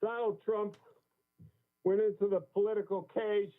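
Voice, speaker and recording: A man's voice: high voice, little pitch movement, normal speed. A man calling in to a radio show, making blunt, brash, slangy comments. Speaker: caller. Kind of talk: call-in comment. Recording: tinny phone line with hum.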